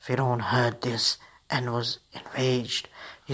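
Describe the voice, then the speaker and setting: A man hosting a radio program, telling a religious story to children in a steady reading voice with occasional slips. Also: mid-range voice, measured pace.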